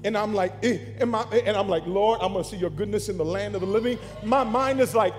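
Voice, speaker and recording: A pastor preaching an animated sermon to his congregation, calling out to the room. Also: high-pitched, fast, hardly any pauses, in a large hall, soft background music.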